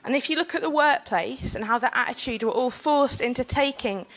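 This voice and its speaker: A young woman, speaking on a panel while nursing a cold, earnest and forceful, with frequent "um"s. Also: sits high, brisk, slight background noise. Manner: earnest, forceful, with filler ums. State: has a cold. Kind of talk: impassioned public speech.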